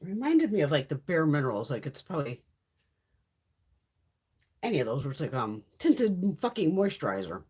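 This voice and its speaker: Middle-aged woman livestream host, husky, animated, foul-mouthed storyteller. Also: deep voice, normal speed, pauses often. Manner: profane, blunt storytelling, reads chat comments. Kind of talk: casual live-stream chat.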